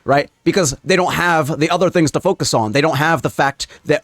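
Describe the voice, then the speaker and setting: A man's voice: on the high side, a little fast, few pauses, a bit bright, dry recording, clean studio sound. A man giving a heated, profane reaction commentary on political clips, ranting in a casual way.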